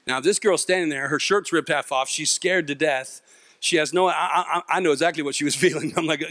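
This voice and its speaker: A man giving a comic storytelling speech to a live audience as a youth mentor, animated and self-mocking, acting out the voices in his story. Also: on the high side, brisk, dry recording. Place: event stage before a live audience.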